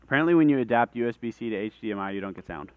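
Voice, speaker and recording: A man teaches a room full of people in a relaxed, conversational way. His voice is smooth and clear, with a dry, slightly dull lo-fi recording sound. He explains things step by step and talks with his hands. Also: medium pitch, very fast, no echo, faint music behind. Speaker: workshop presenter. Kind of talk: live workshop lecture. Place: conference room with audience.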